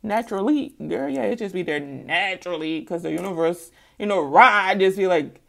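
Brief: a sassy tarot reader, lively and chatty, laughing through her reading. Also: medium pitch, normal speed, creaky, hardly any pauses. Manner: sassy, animated, laughs often. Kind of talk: casual spoken tarot reading.

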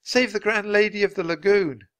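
A man voicing a bold, eager young girl who calls out excitedly. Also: high-pitched, normal speed, pitched above the performer's own voice. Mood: excited shouting. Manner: excited, calling out loudly.

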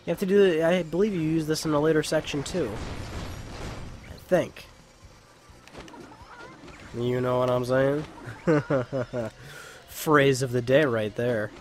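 A man's voice: a little high, slow pace, pauses often, a little hiss or hum. Giggly joking let's play guy. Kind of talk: casual gameplay commentary.

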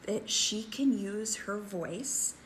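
A woman's voice: medium pitch, takes it slowly, slight background noise, rough recording. A woman hosting a parenting show, giving upbeat, enthusiastic sleep advice straight to the camera. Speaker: sleep consultant and show host.

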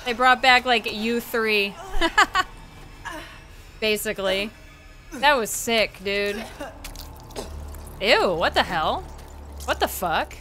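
A woman's voice: on the high side, very slow, long pauses, bright, forceful tone, soft background music. A woman casually commenting on her own gameplay, exclaiming and swearing often as she plays. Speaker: gaming channel host.

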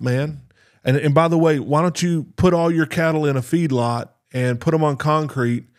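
A man's voice: mid-range voice, darkish tone, no echo, clean studio sound. A man hosting a podcast, talking in a blunt, earnest monologue and repeating words when he stresses a point. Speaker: podcast host.

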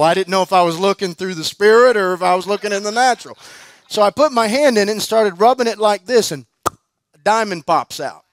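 A man's voice: sits high, dry recording. A man preaching at a conference, telling a personal story in a chatty way, laughing often and full of fillers and restarts. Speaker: guest preacher. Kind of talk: sermon storytelling.

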